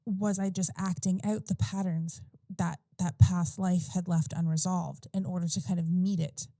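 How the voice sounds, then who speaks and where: A woman talks through a personal story on a casual podcast, circling back, restarting sentences and leaning on fillers. Her voice is warm and relaxed in tone, and the sound is dry and close with no room around it. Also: mid-range voice, no room sound. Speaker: podcast guest or host.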